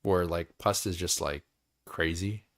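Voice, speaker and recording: A man's voice: low voice, unhurried. A man hosting a book club, recapping chapters in a loose, rambling way, with lots of filler words and frequent laughs.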